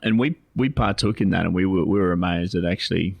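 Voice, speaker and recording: A man in his forties talks casually on a podcast, his voice low with a gravelly edge. He rambles, circling back and restarting his sentences. The sound is close and dry. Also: quick pace, no echo. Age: 40s. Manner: rambling, many restarts and fillers. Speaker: co-host, financial adviser.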